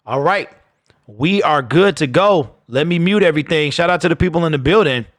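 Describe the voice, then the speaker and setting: A man's voice: on the high side, expressive, a little fast, dry recording, studio quality. A man hosting a live football watch party stream, chatting casually and joking with viewers. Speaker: sports watch party host.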